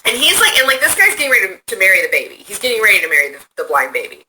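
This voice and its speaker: A woman streams live from her phone, rambling to her viewers and answering their comments. Her voice is very bright and sharp, with a faint hiss behind it. She swears freely and gets excited as she talks. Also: mid-range voice, racing, poor audio. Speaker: livestreamer. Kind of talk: casual chat reading viewer comments.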